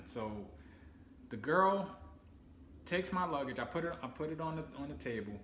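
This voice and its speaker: Guy telling a funny travel story on his family channel, bright voice, acts out everyone he quotes, echoey room. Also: medium pitch, moderate pace. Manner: animated storyteller, acts out quoted people, laughs while telling. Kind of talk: casual storytelling chat. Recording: echoey room with faint ambient noise.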